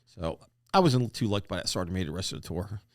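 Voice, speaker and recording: Older guy telling rough army stories quick, kinda low voice, dead dry sound. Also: animated, no echo. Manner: blunt, profane, fast-talking war stories. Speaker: guest, retired Marine master gunnery sergeant. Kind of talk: casual podcast interview storytelling.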